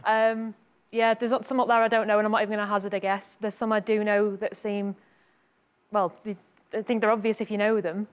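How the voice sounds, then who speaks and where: A woman's voice: medium pitch, little pitch movement, brisk, clear, resonant tone. A woman, a quiz show contestant, talking through her choice in a hesitant, chatty way with little laughs. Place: television studio.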